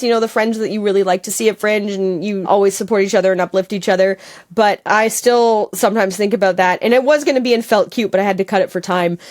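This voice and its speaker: Guest: woman from Canada, higher-pitched, lively storyteller who laughs and acts out her lines. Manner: animated, laughing, acts out her own quotes. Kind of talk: casual storytelling interview. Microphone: on camera, video call.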